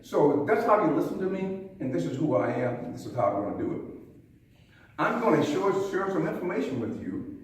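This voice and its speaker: With a high, sing-song, slightly fast voice, an older Southern man speaks as a police chief to a museum-hall audience, mixing stories, homespun sayings, and questions for the crowd. The folksy talk was captured from across the echoey room, with faint noise in the background.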